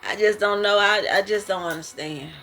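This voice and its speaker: A woman's voice: medium pitch, moderate pace, a bit bright, soft background music. A woman sharing her prophetic dreams in a casual spoken monologue, emphatic and slangy, often laughing and exclaiming.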